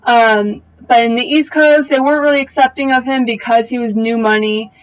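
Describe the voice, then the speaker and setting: A woman's voice: a little high, fairly even intonation, moderate pace, lo-fi sound. A young woman giving a casual, opinionated recap of a TV episode, full of slangy asides. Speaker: TV recap vlogger.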